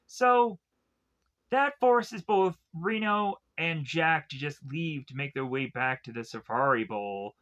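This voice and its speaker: A man's voice: a little high, measured pace, bright, forceful tone, lo-fi sound. A man casually recapping a TV episode, rambling with many fillers and quoting the characters in passing.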